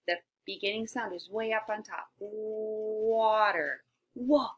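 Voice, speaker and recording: A woman teacher leading a shared reading lesson for young children, sounding out letters slowly and often dropping to a whisper, encouraging and animated. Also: mid-range voice, husky. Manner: animated, encouraging, with gasps of discovery.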